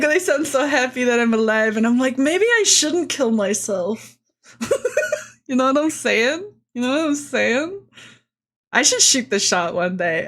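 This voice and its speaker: A woman's voice: medium pitch, fairly bright tone. A young adult woman streaming a game in casual chat, giggling often, swearing freely and joking at her own expense. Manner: giggly, swears a lot, self-deprecating.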